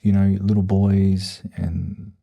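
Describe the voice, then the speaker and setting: A man hosting a podcast, speaking gently and reflectively, with many soft agreements. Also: low-pitched, level tone, takes it slowly, vocal fry, no room sound. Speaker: podcast host. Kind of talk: casual interview chat.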